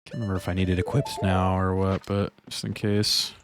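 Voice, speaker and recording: A man's voice: low-pitched, flat delivery, normal speed, music in the background. A man streaming a video game live and chatting casually, in a laid-back, slangy way, calling out "dude" all the time. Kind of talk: live gameplay commentary.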